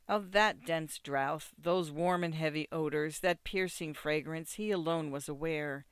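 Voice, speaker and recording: Smooth, dry audiobook narrator. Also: mid-range voice, no echo. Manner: measured, steady storytelling. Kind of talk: audiobook reading of classic fiction.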